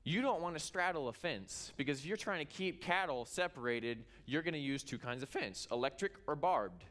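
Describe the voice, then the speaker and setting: Man preaching a lively story sermon. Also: a little high, normal speed. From Kansas. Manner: animated storytelling, acting out the characters. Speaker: pastor. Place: church.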